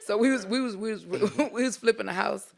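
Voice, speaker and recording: A woman's voice: medium pitch, a little fast, creaky. A woman guest chatting casually on a podcast and telling stories with lots of laughter. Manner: laughing, animated storyteller. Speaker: film guest.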